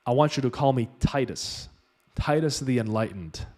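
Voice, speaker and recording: A man's voice: medium pitch, lively intonation, moderate pace, darkish tone, close to an everyday voice. A man voicing a commanding, self-styled enlightened male acupuncturist who talks down to people. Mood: solemn. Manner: bossy, calls everyone man.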